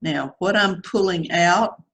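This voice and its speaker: A woman demonstrates watercolor painting for beginners, talking unhurriedly as she works. She thinks aloud, second-guesses her strokes, and reassures her students in a relaxed, chatty way. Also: lowish voice, slow, poor audio. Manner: chatty, self-critical, reassuring. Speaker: watercolor teacher.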